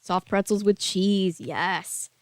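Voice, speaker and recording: A woman's voice: mid-range voice, slow pace, dry recording. A woman hosting a casual read-aloud, breaking off into rambling, chatty asides full of fillers. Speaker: book reading host.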